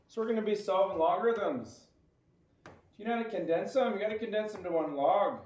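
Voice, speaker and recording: A man with a high, light voice teaches a math homework lesson. He keeps quizzing the listener with playful, jokey asides. The recording is dull and lo-fi, with an echo around him. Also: fairly quick, darkish tone.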